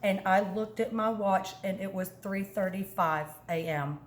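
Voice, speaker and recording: A woman from Alabama gives a halting, emotional personal testimonial at a campsite and is close to tears. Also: mid-range voice. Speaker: camp attendee giving testimony.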